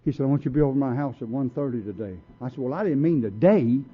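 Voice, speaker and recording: A man's voice: medium pitch, expressive, quick pace, breathy edge, faint music behind. Streetwise man telling his story, tinny. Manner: blunt streetwise storytelling, acts out quotes. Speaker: recovery meeting speaker. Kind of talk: personal story talk. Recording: tinny phone-like recording.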